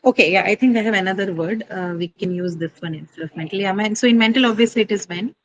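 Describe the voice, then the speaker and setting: A woman's voice: mid-range voice, fast talker, highs cut off. A woman teaching an English pronunciation class online, explaining step by step with frequent "uh" and "right?" checks.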